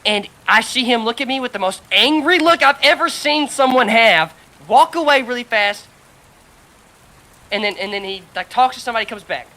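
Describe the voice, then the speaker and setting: A woman chatting on a podcast with a bright, forceful voice. She tells a long work story in an animated, profane way, slipping into quick impressions of the people in it. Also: on the high side, poor audio. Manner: animated storyteller, heavy swearing, acts out quotes. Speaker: podcast co-host. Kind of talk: casual chat.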